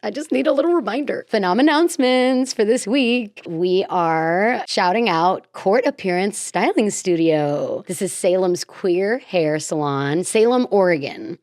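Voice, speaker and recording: A bubbly woman hosts her show in a chatty, rambling way, gushing and laughing as she goes. Her pitch sits in an ordinary middle range. The sound is dry and close, with no room around it. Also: expressive, a little slow, hardly any pauses, a little mellow, no room sound. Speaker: podcast host. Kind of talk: casual chat.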